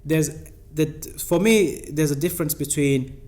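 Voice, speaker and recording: A man's voice: a little high, a little slow. A young man with a British accent, a doctor co-hosting a podcast, telling a work story in casual, slangy chat. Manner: lively anecdote telling, slangy.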